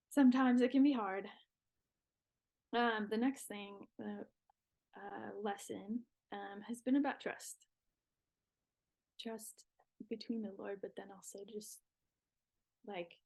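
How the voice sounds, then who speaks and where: A young woman, a podcast guest, talking in a relaxed, reflective way about faith and new motherhood. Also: medium pitch, creaky, breathy edge, low-quality recording. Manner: reflective, talks with her hands. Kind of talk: casual faith talk.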